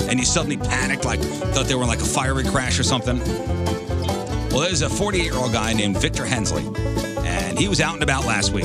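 Radio host reading odd news over music. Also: male voice, medium pitch. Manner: casual, wry news reading. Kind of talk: reading a news story on a morning radio show. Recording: music bed loud under voice.

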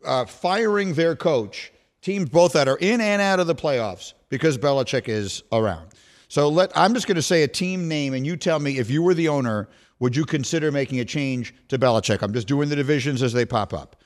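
A man's voice: on the high side, lively intonation, a little fast. A man hosting a sports radio show, teasing his co-hosts with incredulous, laughing banter. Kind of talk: casual sports talk banter.

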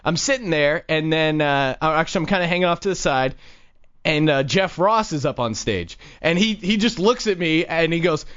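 A man's voice: fairly high pitch, expressive, normal speed, fairly bright tone, clean tone. A young man hosting a casual talk show, telling stories and laughing often. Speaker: host. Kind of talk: casual chat. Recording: dull lo-fi sound.

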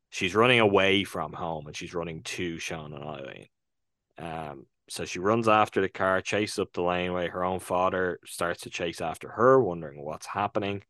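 A man with an Irish accent and a low, slightly bright voice is recorded at studio quality with no echo. Co-hosting a casual film review podcast, he retells a film with earnest, thoughtful hesitations.

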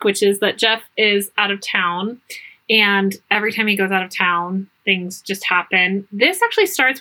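A woman's voice: mid-range voice, sharp tone. A woman co-hosting a podcast, chatting casually and laughing easily. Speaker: podcast co-host. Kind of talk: casual chat.

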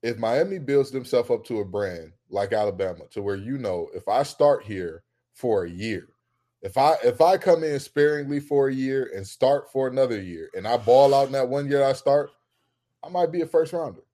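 A male co-host of a sports talk show with a mid-pitched, ordinary voice. He argues in a casual, animated way and keeps pushing his voice higher and louder as his rants build. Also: normal speed. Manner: heated, rising into loud emphatic rants.

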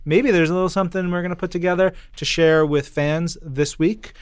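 A man's voice: on the high side, steady tone, clear, resonant tone, no room sound. A man hosting a comics podcast, upbeat and joking, in a casual chat. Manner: upbeat, joking, quick asides. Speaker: podcast host.

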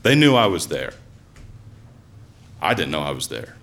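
A man telling a personal story live to an audience, in an animated, conversational way with lots of asides and fillers. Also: extremely low pitch, unhurried, vocal fry. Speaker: storyteller, former teacher.

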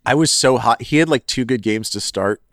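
A man in the middle of his range co-hosts a casual sports podcast. He rambles in an animated way and corrects himself as he goes. The sound is very dry and close. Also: medium pitch, brisk, no room sound. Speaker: podcast co-host.

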